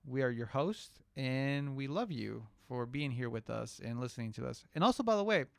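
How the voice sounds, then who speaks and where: A man's voice: mid-range voice, expressive, normal speed, vocal fry, fairly bright tone, clear, resonant tone, no room sound. A man co-hosting a casual podcast and talking as a father, rambling and often restarting his sentences. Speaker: podcast co-host; father of a young daughter.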